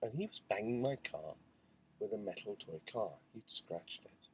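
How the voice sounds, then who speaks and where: A man's voice: fairly low pitch, animated, normal speed, a little hiss or hum, poor audio. A father talking frankly to camera in a spoken diary, rambling through a family story with asides. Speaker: father recounting family life. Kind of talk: candid spoken diary monologue.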